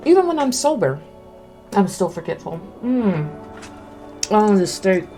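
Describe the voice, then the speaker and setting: This woman streamer has a mid-range, dark-toned voice with a sing-song, unhurried delivery. She eats as she chats casually, chewing between words and speaking frankly into a close desk mic over faint background music.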